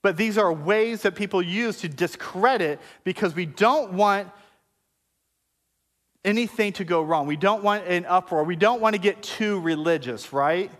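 High-voiced joking male preacher. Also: measured pace, a bit bright. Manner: conversational, joking preacher with asides. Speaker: pastor. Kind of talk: sermon. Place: church service before a congregation.

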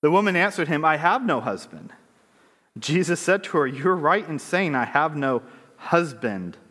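A man with a high voice delivers a sermon, moving between scripture reading and chatty, question-filled commentary. His voice rings out with a long reverb tail from a big hall. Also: very animated, moderate pace, a bit bright. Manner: conversational preaching with rhetorical questions; reads scripture aloud then riffs on it. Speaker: pastor.

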